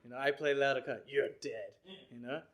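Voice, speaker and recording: A man giving a lecture, telling an animated story and acting out the people in it. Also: mid-range voice, rapid-fire. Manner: animated, acts out people he describes and sings chants.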